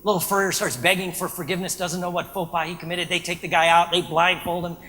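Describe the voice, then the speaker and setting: A man with a high voice and a bright, forceful tone lectures to an audience. He tells his anecdote with animated energy and keeps checking in with "right?". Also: fast talker. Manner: animated storytelling with frequent "right?" check-ins. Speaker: speaker. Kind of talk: storytelling lecture.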